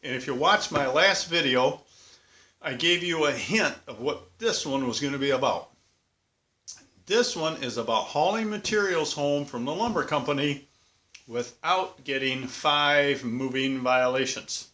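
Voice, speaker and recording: A man's voice: mid-range voice, measured pace, sharp tone. Chatty man telling a folksy story. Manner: casual, chatty, plain-spoken. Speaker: vlog host.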